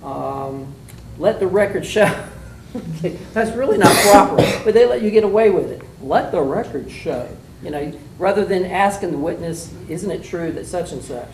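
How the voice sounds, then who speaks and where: A man with a fairly high voice gives students folksy, plainspoken feedback, full of "uh"s and "um"s, in the manner of a mock trial judge. He sounds far from the mic, in a roomy, echoey space with a faint hiss of room noise. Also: lively intonation, moderate pace. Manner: folksy, plainspoken, with many fillers. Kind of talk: spoken critique to students.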